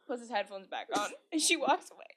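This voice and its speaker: Brief: lively young female co-host, higher voice, chatty storyteller. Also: fast talker. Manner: animated storyteller, many likes. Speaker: podcast co-host. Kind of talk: casual chat.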